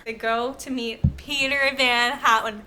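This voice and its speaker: A woman's voice: on the high side, steady tone, a little slow, sharp tone. A woman co-hosting a podcast, recapping a film in casual chat with lots of fillers and profanity. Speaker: podcast co-host.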